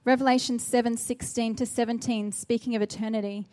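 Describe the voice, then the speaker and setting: Woman preacher with a soft, mellow voice. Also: fairly high pitch, fairly even intonation, brisk. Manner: earnest, exhorting with rhetorical questions. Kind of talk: sermon.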